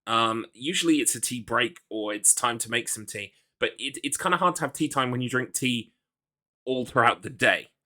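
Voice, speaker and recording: Male streamer, bright voice, loose rambling chat, jokes at his own expense. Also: medium pitch, expressive, moderate pace. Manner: rambling, self-deprecating, reads chat aloud. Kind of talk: casual live-stream chat.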